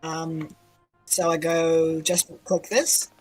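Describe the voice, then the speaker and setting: Tabletop player, man, slow easy pace, hesitant, faint music behind. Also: fairly high pitch, poor audio. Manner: relaxed, unhurried, hesitant fillers. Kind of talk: casual game chat.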